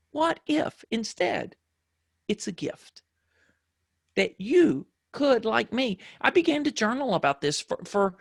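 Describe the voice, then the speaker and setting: A man whose voice sits higher than most men's, telling stories in a reflective, casual conversation as a podcast guest. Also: creaky, no echo, studio quality. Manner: reflective storyteller.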